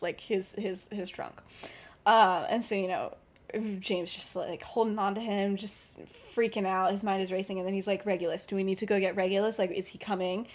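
A young woman on a podcast, casually retelling her fan-fiction story, chatty and full of "like" and "um". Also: mid-range voice. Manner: chatty, full of "like" and "um", laughs often. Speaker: podcast co-host.

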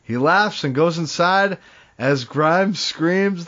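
A man's voice: a little high, takes it slowly, a bit bright. Laid-back man recapping wrestling, lo-fi. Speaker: podcast co-host. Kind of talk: casual wrestling recap chat. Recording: dull lo-fi audio.

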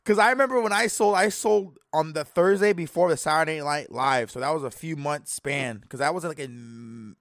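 A man in casual chat, relaxed, chiming in with short agreements and his own memories. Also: fairly high pitch, normal speed, hardly any pauses, no room sound, studio quality.

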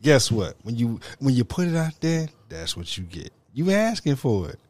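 A man's voice: mid-range voice, very animated, a little mellow, no room sound. A man co-hosting a podcast in a studio, reacting with profane disbelief in casual banter. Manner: incredulous reacting, profane, drawn-out. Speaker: podcast co-host.

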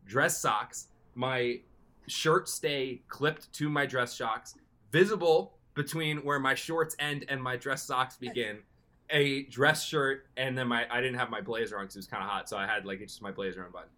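A young man casually telling a long, animated story as a podcast co-host, often slipping into excited quoted self-talk. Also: mid-range voice, normal speed.

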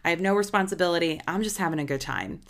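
Woman, 30s, podcast host, casual storytelling, chatty and gossipy, slightly low voice. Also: quick pace. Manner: chatty, gossipy, emphatic retelling.

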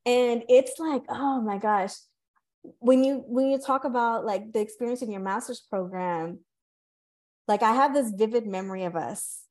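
Animated, high-voiced woman telling a story. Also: moderate pace. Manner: animated storyteller, acts out quoted voices, swears casually. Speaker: podcast host. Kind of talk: casual conversation.

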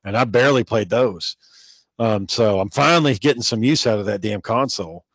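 A man's voice: fairly low pitch, brisk, fairly bright tone, breathy edge, no room sound, muffled recording. A man in casual chat about games with a friend, laid-back and rambling, swearing freely. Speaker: gamer chatting with a friend.

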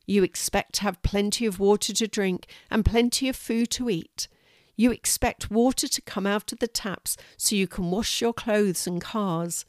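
A woman's voice: mid-range voice, moderate pace, no room sound, studio quality, close to an everyday voice. A woman voicing a kindly female guide in a children's story, patiently explaining things in a teacherly way. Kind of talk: storybook reading.

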